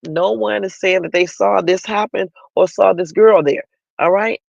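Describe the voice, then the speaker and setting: Guy doing a casual news livestream, kinda gravelly, talks right at his viewers, dry lo-fi sound. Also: high voice, steady tone, normal speed, dry recording. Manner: chatty and opinionated, addresses viewers directly. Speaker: livestream host.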